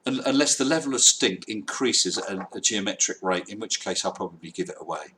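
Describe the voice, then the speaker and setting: A man's voice: fairly low pitch, lively intonation, brisk, bright, forceful tone, a little hiss or hum. A man hosting a live stream, chatting casually and wryly reading out viewer comments. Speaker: livestream host.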